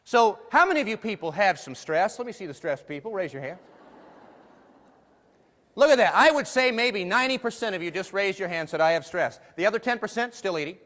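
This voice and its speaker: A man's voice: sits high, lively intonation, fairly quick, a bit bright. A man giving a humorous keynote talk to a live audience, playful and jokey, putting questions to the crowd. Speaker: motivational speaker. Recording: long hall reverb.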